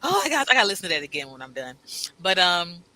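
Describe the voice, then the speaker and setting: A woman hosts a casual live stream. Her voice is very bright and clear. She is animated and laughs often while reading viewers' comments aloud. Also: fairly low pitch, fast, rough recording. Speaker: host.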